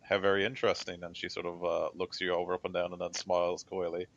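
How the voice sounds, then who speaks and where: A man narrating as game master in a tabletop game, relaxed and hesitant, with many fillers. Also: sits low, quick pace, no echo, muffled recording.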